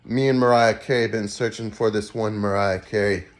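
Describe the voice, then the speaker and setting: A man's voice: lowish voice, fairly even intonation, moderate pace. A man rambling through a casual, half-improvised monologue, drifting from one fanciful idea to the next and swearing mildly now and then. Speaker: vlogger.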